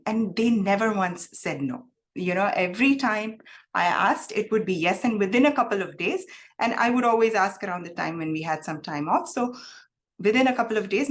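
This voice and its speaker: A young adult woman recounts a personal memory in a soft, reflective voice. She talks haltingly and fills her pauses. Her pitch sits in the middle range. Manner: reflective, halting, many fillers. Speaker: guest speaker. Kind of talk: personal storytelling.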